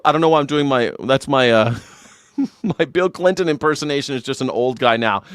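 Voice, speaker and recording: A man's voice: mid-range voice, fairly quick, a bit bright, no echo, studio quality. A man hosting a news reaction show, rambling and joking with profanity and silly voices. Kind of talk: casual comedic commentary.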